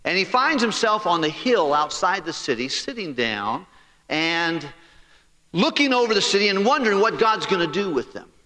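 Animated folksy man preaching in a hall. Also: high voice, normal speed. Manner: animated, acts out the dialogue of the story; folksy and joking. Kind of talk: storytelling sermon.

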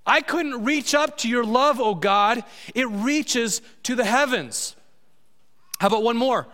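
A man preaching a sermon as pastor, slowing down to stress key words. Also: extremely high pitch, sharp tone, big-room sound. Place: church sanctuary.

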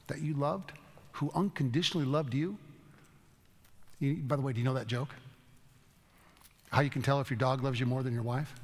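A man's voice: mid-range voice, long reverb tail. A man giving an informal Bible teaching talk, telling stories in a folksy, rambling way. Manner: storytelling, folksy, rambling with restarts. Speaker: teacher leading a Bible study.

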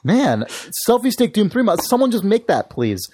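A man co-hosting a podcast in casual chat, thoughtful and measured as he talks ideas through. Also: high voice, huge pitch swings, darkish tone, breathy edge. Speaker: podcast co-host.

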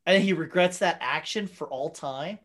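A woman in casual conversation, talking excitedly with lots of filler words and swearing. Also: deep voice, moderate pace. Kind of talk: casual chat about a movie.

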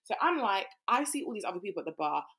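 A woman, co-hosting a podcast and telling a story in casual chat, animated and full of swearing. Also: mid-range voice, fast talker. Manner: animated, swearing, mimics people. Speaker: podcast co-host.

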